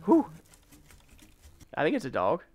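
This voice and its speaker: A man hosting a first-time gameplay video, jumpy and excitable, yelping, laughing and taunting the enemies on screen. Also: fairly high pitch, measured pace, a little hiss or hum. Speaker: gaming channel host.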